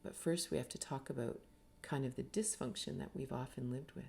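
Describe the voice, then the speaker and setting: A woman's voice: rumbling low, fairly quick, gravelly, mellow, a little hiss or hum. A middle-aged woman giving a reflective teaching talk on spirituality, earnest and full of rhetorical questions. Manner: earnest, uses many rhetorical questions and tags with "right?".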